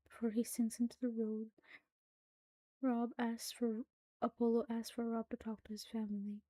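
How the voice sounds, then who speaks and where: A woman's voice: on the high side, flat delivery, normal speed, dark tone, no echo. A woman giving a dramatic reading of a horror story, often dropping to a whisper. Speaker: narrator.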